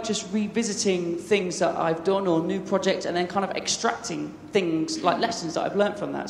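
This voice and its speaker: A man in his thirties from England speaks at a conference, chatty and enthusiastic as he trips over his own restarts. His voice sits a little high for a man. It carries through a large, echoey hall with a long reverb tail and faint background noise. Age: 30s. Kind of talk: conference talk.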